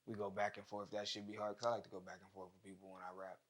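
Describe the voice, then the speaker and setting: A young rapper talks in a low, laid-back voice, full of slang. His lines often fade away softly. The conversation stays loose and unhurried. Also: flat delivery. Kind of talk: casual chat.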